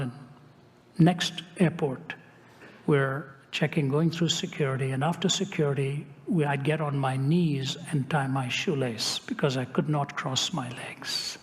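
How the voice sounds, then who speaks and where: An older man telling a story in a sermon, dropping at times to a hushed whisper. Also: a little high, long reverb tail. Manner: dramatic shifts to a hushed whisper. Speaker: preacher.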